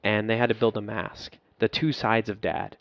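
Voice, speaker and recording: A man's voice: lowish voice, fairly even intonation, moderate pace, vocal fry, no room sound. Podcast guest, male, raw storytelling, swears freely; muffled dead-room sound. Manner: profane, emotional, laughs at himself. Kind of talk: candid storytelling.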